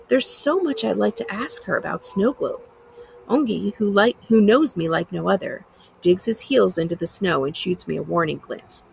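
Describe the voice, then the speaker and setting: Low, husky woman reading a novel aloud. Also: rough recording. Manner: steady, plain storytelling read-aloud. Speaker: school librarian.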